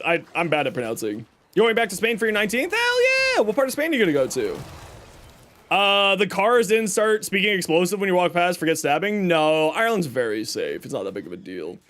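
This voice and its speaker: A man's voice: sits high, sing-song, brisk, a bit bright, a little hiss or hum. A Canadian man streaming and reading chat, talking casually and rambling through stories and corrections. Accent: Canadian English. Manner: rambling, chatty, self-correcting storyteller.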